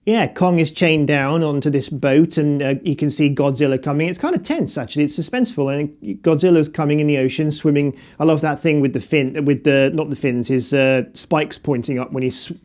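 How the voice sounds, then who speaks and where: A man's voice: a little high, a little fast, few pauses, darkish tone. A middle-aged man giving a casual, unscripted film review, talking hesitantly with many fillers and restarts.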